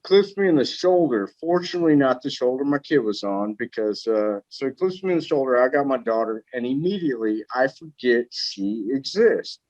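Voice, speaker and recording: A man telling a profane, animated family anecdote in casual podcast chat. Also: mid-range voice, normal speed, few pauses, no room sound, lo-fi sound. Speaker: guest.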